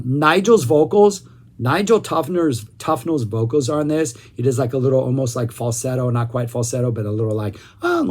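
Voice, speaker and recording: Chatty enthusiastic man reviewing music. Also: medium pitch. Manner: enthusiastic, rambling, self-correcting.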